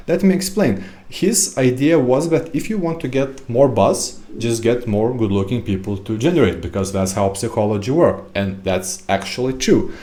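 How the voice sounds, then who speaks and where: A man talks through a casual podcast monologue at a middle pitch, rambling and loose with lots of fillers. His tone turns sarcastic as he riffs, with sudden jumps up in pitch for emphasis. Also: darkish tone. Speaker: podcast host.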